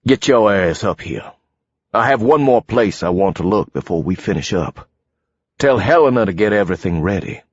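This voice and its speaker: A man voicing an older male villain who is cold and bossy, speaking in a gruff, demanding way. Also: lowish voice, lively intonation, moderate pace, no echo, highs cut off. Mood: commanding.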